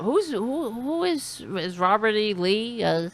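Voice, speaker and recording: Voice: medium pitch, big pitch swings, slow pace, a bit bright. A comedic commentator reacting to clips with sarcastic, mocking remarks and repeated quotes.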